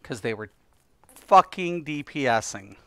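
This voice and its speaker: A man's voice: mid-range voice, animated, measured pace, no echo. A man hosting his own gaming channel, a little tired, ranting casually and with exasperation, swearing as he rambles.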